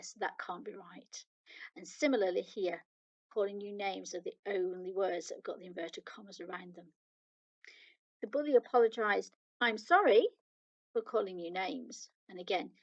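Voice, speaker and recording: A woman with a British accent teaches young children in a recorded lesson. She reads each example slowly and patiently. Her mid-pitched voice carries a gravelly edge. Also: muffled recording. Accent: British English. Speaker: primary school teacher.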